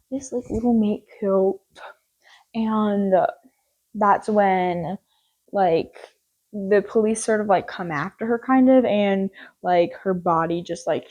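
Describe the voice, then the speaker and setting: A woman's voice: mid-range voice, darkish tone, low-quality recording. Young female film reviewer, casual and rambling, with a jokey, off-the-cuff delivery.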